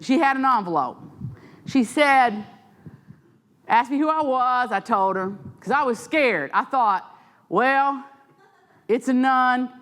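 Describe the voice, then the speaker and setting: A middle-aged woman with a Southern American accent tells stories at a library author talk, her voice sitting a little high. She keeps breaking in with comic, self-mocking asides and well-timed pauses. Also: lively intonation, fairly bright tone. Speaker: author speaking at a library event. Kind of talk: storytelling talk. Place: library event hall with an audience.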